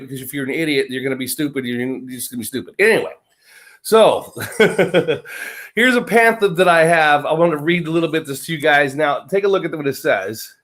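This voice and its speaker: Rambling American man, slightly high voice. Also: a little fast, fairly bright tone. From United States. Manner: rambling, joking, laughs often mid-sentence. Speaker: guest. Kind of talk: casual chat. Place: lives in Britain.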